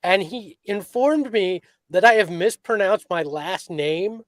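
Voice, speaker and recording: A man's voice: high voice, measured pace, dry recording. A man co-hosting a sports podcast, chatting casually with dry teasing. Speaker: podcast co-host.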